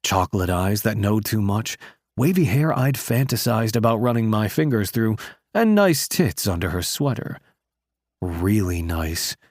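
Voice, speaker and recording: A man's voice: fairly low pitch, sing-song, a little slow, darkish tone, no room sound, studio quality. A man narrating a novel in the first person, with a wry, conversational storytelling manner. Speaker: audiobook narrator.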